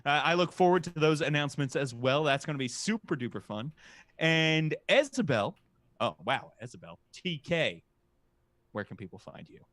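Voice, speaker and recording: A man narrating a tabletop game as game master, halting and full of filler sounds. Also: on the high side, expressive, fairly bright tone, no echo.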